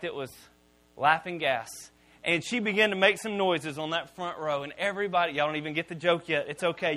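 A man preaching a sermon as pastor, telling stories in an animated way with frequent restarts. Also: high-pitched. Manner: animated storytelling with repeated restarts.

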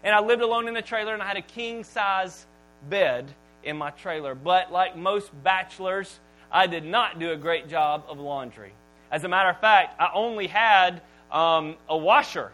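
A man preaches to his congregation in a high, bright-pitched voice. He draws words out slowly, falls almost to a whisper, then bursts out loud. A faint electrical hum runs beneath the recording. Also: poor audio. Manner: dramatic pauses, drops to near-whisper, then booms. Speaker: pastor. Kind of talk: sermon.

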